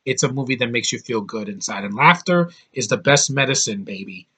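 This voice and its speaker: A man's voice: mid-range voice, expressive, fairly quick, bright, forceful tone, slightly rough. Rambling, opinionated male movie reviewer. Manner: rambling, opinionated, emphatic bursts. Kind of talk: casual vlog review.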